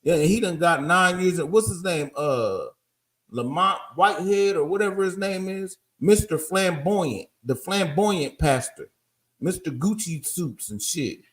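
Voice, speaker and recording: High-voiced man preaching bluntly. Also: expressive, measured pace, a bit bright. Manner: emphatic, keeps asking "you understand?"; blunt and profane. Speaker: group teacher. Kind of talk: street preaching lesson.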